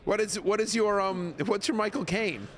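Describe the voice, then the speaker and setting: A man with a high voice hosts a live sports talk show from a broadcast set. He keeps the banter upbeat and teasing. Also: normal speed. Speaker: host.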